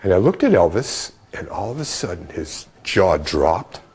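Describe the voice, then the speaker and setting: Animated storytelling man, low voice. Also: moderate pace, slightly rough. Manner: vivid, animated storytelling with acted-out quotes. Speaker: interviewee. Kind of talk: storytelling reminiscence.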